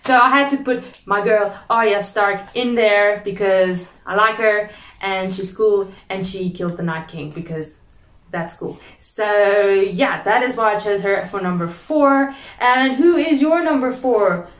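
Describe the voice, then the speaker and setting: A woman's voice: medium pitch, measured pace. Woman host, casual and playful, recorded in an echoey room. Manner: playful, chatty, often adds "okay?". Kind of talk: casual chat.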